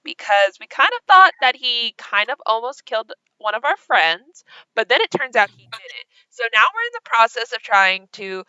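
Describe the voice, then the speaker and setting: A woman playing a tabletop game, talking in a chatty, animated way. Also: on the high side, normal speed, clean tone, no room sound, highs cut off. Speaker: player. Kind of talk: casual chat in a tabletop game.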